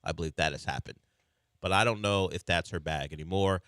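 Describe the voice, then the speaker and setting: A man hosting sports talk radio, wry and animated, teasing his callers. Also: low voice, brisk, no echo, clean studio sound.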